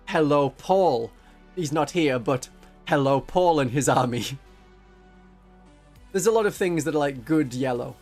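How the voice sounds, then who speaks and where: A man's voice: a little high, expressive, slow pace, pauses often, a little mellow, faint music behind. A man chatting casually on a livestream, joking and now and then slipping into silly voices. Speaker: streamer.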